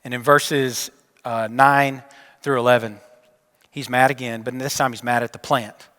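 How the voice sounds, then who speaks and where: A male pastor preaching a sermon and telling a story, his delivery dropping from emphatic to hushed. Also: mid-range voice, steady tone, unhurried. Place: church sanctuary. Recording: long church reverb.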